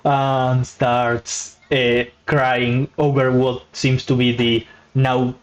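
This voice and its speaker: A man narrating a tabletop game as game master, halting with many fillers. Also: medium pitch, level tone. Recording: muffled lo-fi audio.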